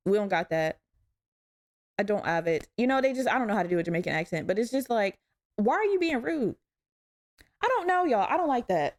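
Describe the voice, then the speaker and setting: Young woman host, casual solo podcast rant, blunt and profane, mid-pitched. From Virginia. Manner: candid, profane, animated storytelling.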